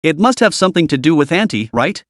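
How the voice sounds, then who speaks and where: A frank, kind young woman psychologist, as a male narrator puts her on in a storybook recap. She talks gently and directly with very lively intonation. Dry, close sound. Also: a little high, fast, dry recording.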